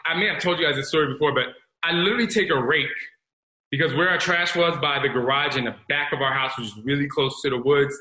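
A man's voice: on the high side, pushed and bright. A man in his forties giving a candid, rambling motivational talk, confessing personal stories and addressing listeners as y'all. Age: 40s. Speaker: self-improvement talk host. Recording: roomy echo.

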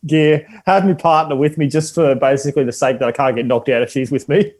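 A man's voice: mid-range voice, steady tone, brisk, darkish tone, a little hiss or hum. A man with an Australian accent, a podcast co-host given to crude, fired-up rants and jokes. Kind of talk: casual podcast chat.

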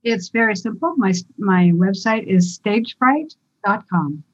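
A woman stage fright coach explaining her methods as a guest in a calm, reassuring way. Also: mid-range voice, measured pace, husky, muffled recording.

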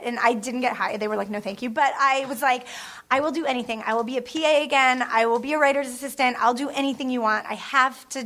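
A woman with a slightly high voice tells a long story, chatty and self-deprecating. She laughs often and fills her talk with ums and likes, in a casual panel setting. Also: fairly bright tone. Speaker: television writer, panel guest.

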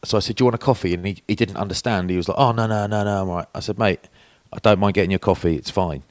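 Deep-voiced man in his forties. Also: racing, dry recording. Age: 40s. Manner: chatty storyteller, acts out quoted voices. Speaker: podcast co-host. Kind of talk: casual chat.

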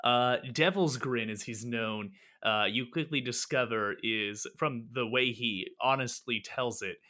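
A man narrates a tabletop role-playing game as game master. His voice is bright. He keeps a relaxed pace and adds fillers as he goes. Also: medium pitch, a little slow.

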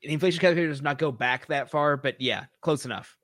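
A man co-hosting a podcast in casual chat, quick with wry asides. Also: a little high, a bit bright, no echo, clean studio sound. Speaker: podcast co-host.

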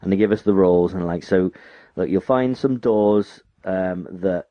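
A man's voice: deep voice, moderate pace, no room sound, dull audio. A man telling a funny story in a casual chat, acting out the people in it. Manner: animated retelling, acts out others in quotes.

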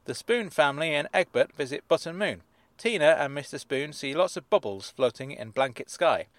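A man's voice: a little high, animated, normal speed, dry recording. A man reading episode synopses aloud and adding dry, sardonic asides, chuckling as he goes. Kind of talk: casual comic commentary.

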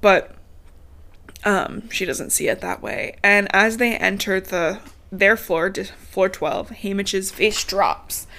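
A woman's voice: mid-range voice, slow pace, pushed and bright. A woman, chatting casually on a podcast as she recaps a book, laughing often and swearing freely. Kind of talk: casual chat.

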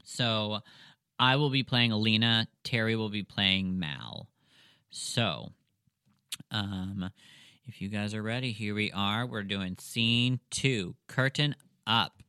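A man co-hosting a casual book discussion podcast who reads passages aloud in a soft, measured way. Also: on the low side, clear, resonant tone, no room sound, clean studio sound. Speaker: podcast co-host.

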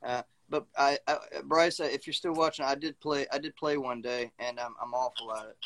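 A man's voice: mid-range voice, fairly even intonation, fairly quick, a bit bright, dry recording. A man who is a guest singer-songwriter, chatting casually with frequent restarts and easy laughs. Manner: stammering, repeats himself, laughs easily. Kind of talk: casual chat on a live music stream.

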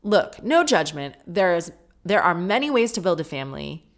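Frank, low-voiced woman podcaster. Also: very animated. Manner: frank, chatty, quick to laugh. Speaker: podcast host. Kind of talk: casual chat.

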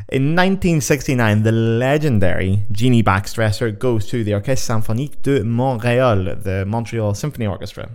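A man hosting a podcast, counting down results like a game show in a sweary, jokey, excitable way while on a sugar high. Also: a little fast, hardly any pauses. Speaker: podcast host.

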